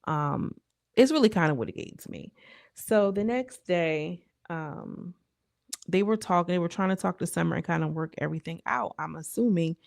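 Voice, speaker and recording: A woman's voice: on the low side, expressive, moderate pace, vocal fry, a little mellow, no room sound, studio quality. A young adult woman recapping a reality show in casual, slangy chat, full of asides to the viewer. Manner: chatty, slangy, retells scenes with lots of asides.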